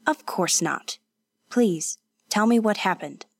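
A woman's voice: mid-range voice, expressive, slow pace, vocal fry, no echo, studio quality, exaggerated voice. A woman voicing a proud, impatient young man in a storybook reading, speaking curtly and earnestly. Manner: curt, earnest, tense.

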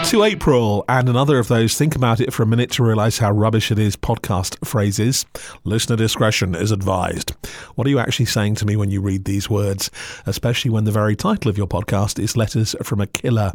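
A man's voice: on the low side, fairly quick, dry recording, studio quality. A man hosting a podcast, narrating scripted reviews in a sardonic, mocking way. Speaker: podcast critic host.

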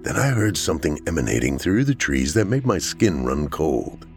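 A man's voice: extremely low pitch, big pitch swings, normal speed, faint music behind. A man narrating a first-person horror story in a dramatic way, acting out the frightened lines.

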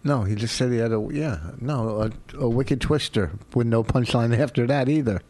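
A man's voice: mid-range voice, moderate pace, a little mellow. Man, middle-aged, co-host, casual banter, teasing, sarcastic, nitpicky. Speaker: co-host reacting to a comedy clip.

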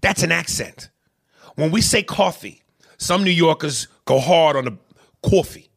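New guy going off on a podcast, swings loud to quiet, gravelly bright voice. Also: fairly high pitch, normal speed. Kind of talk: heated casual rant.

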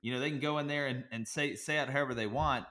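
A man's voice: mid-range voice, quick pace, pushed and bright. A man from Alabama, co-hosting a casual sports chat in an agreeable, chatty way. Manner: agreeable, chatty, laughs at the hypocrisy.

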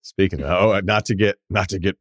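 A man's voice: low voice, a little fast, no room sound, studio quality. A man hosting a casual podcast, reading a listener email aloud and riffing on it with wry, profane asides. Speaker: podcast host.

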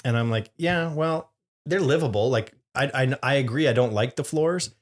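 A man's voice: medium pitch, normal speed. A man co-hosting a casual couple's podcast, teasing his partner in a mock-offended way and laughing. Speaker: podcast co-host.

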